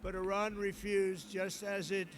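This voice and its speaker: A man delivering a formal televised address as a head of state, his voice pitched high. He is emphatic and keeps repeating his points. Faint noise sits under the clip. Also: level tone, a little slow. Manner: repetitive, emphatic.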